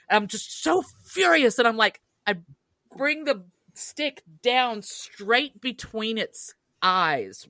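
A woman telling a childhood story on a podcast in an animated way, often laughing as she talks. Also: a little high, no echo. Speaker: podcast guest. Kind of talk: casual storytelling.

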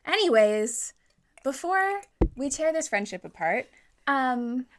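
A woman's voice: sits high, sing-song, takes it slowly, background noise. A young woman co-hosting a casual podcast about a book, blunt and joking, swearing freely. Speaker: podcast co-host. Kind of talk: casual book-club chat.

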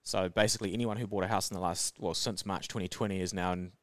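A man's voice: sits low, fairly even intonation, fairly bright tone, no echo. A man with a New Zealand accent, co-hosting a podcast in casual chat and explaining money matters plainly. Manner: explains finance terms plainly, quick to laugh along. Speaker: podcast co-host.

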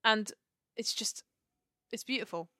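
A woman co-hosting a podcast in casual chat, excitable and gushing, acting out quotes. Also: a little high, a little slow, no echo, clean studio sound. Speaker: podcast co-host.

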